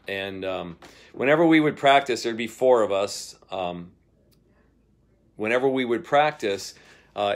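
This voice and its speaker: A middle-aged man, a singer-guitarist, chatting casually between songs and telling a rambling story with soft laughs. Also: on the low side.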